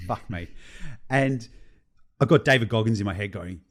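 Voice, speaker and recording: A young man, co-hosting a casual podcast. He tells his story with lively, animated swings in his voice and swears freely. His voice sits a little low. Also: fairly quick. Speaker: podcast co-host.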